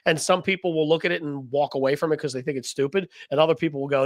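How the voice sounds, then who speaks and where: A man's voice: a little high, fairly even intonation, quick pace, no echo. Teasing man with a dry sound. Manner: teasing, wisecracking. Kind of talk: casual podcast banter.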